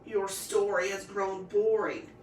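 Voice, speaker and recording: A woman's voice: mid-range voice, little pitch movement, takes it slowly, a little mellow, recorded from a distance, a little hiss or hum, lightly acted. A woman voicing a scrawny male wolf who is lazy, proud and politely haughty. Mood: languid, polite. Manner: drowsy, dry, politely haughty. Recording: echoey room, voice off-mic.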